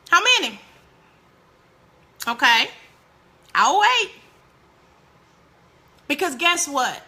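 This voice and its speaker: Woman host, high and bright, preachy and animated, talks straight to viewers, laughs often. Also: moderate pace, pauses often. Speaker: parenting show host. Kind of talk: live-streamed parenting talk.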